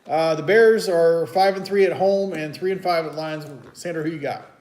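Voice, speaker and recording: Dude hosting football picks at home, kinda high voice, echoey room. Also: male voice, moderate pace, darkish tone, a little hiss or hum. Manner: chatty, teasing, loose and rambling. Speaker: host. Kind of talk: casual sports picks chat.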